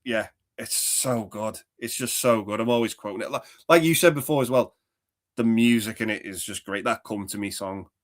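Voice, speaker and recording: A man's voice: fairly low pitch, normal speed. A man co-hosting a casual movie chat, enthusiastic, swearing often and slipping into quoted lines. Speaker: podcast co-host.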